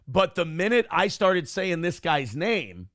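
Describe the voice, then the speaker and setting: A man's voice: high-pitched, sing-song, unhurried, fairly bright tone, no echo, clean studio sound. A man hosting a morning talk show, telling stories in a brash, profane, boastful way. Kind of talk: casual talk show rant.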